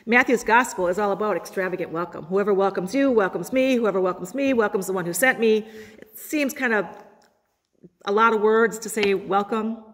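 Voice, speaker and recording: A woman pastor preaching a sermon, quoting scripture with dramatic pauses. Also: mid-range voice. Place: church sanctuary. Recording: long hall reverb.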